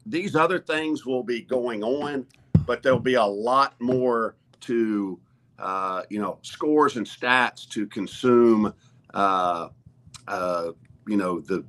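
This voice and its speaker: A man speaking as a college athletics director on a talk show, earnest and a little halting, often backing up to restart his sentences. His voice is bright and forceful, and it sits fairly low. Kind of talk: casual sports talk.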